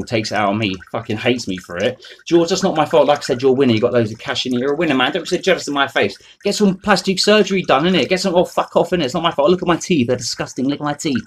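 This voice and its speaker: Fast-talking, swearing man ranting. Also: medium pitch, a little hiss or hum. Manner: rambling, profane, mocking. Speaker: vlogger. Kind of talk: unscripted rant to camera.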